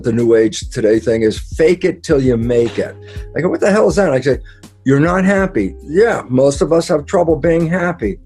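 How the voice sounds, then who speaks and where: Older man, mellow voice, animated storytelling, acts out quotes, faint music behind. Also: mid-range voice. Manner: lively storytelling, acts out quoted dialogue, swears casually. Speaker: guest speaker. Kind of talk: animated interview talk.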